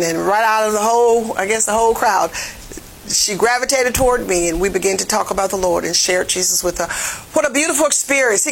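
A woman Bible teacher preaching a lesson in a fervent, plain-spoken way, her voice swelling to near-shouts. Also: fairly high pitch, breathy edge, rough recording. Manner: folksy, plain-spoken phrasing. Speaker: jail ministry Bible teacher.

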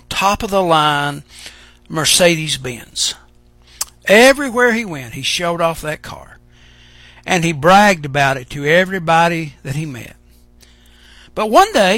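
A man preaching a sermon, speaking emphatically and pausing for drama. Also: high voice, sharp tone, no room sound. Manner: dramatic pauses and emphatic delivery.

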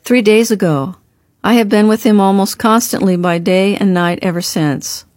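A woman reading the part of a gentle older brother in an audiobook, speaking calmly and softly. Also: high-pitched, moderate pace, no room sound, clean studio sound, natural voice. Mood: soothing. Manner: gentle, calm, softly reassuring. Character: gentle grown man, a caring older brother.

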